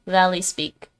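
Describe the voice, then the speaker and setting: A woman's voice: on the low side, darkish tone. A woman whose first language is Dutch, chatting casually with her livestream viewers while she studies languages, often addressing them by name and reading text aloud. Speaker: streamer learning languages.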